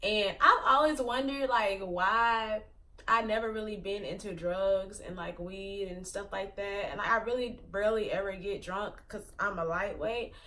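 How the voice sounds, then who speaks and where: A woman's voice: medium pitch, normal speed, sharp tone, far from the mic. A woman in her twenties telling a personal story to her channel in a rambling way, full of "like" fillers. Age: 20s. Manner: rambling, filler-heavy retelling with many "like"s. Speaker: vlogger. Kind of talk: casual storytelling.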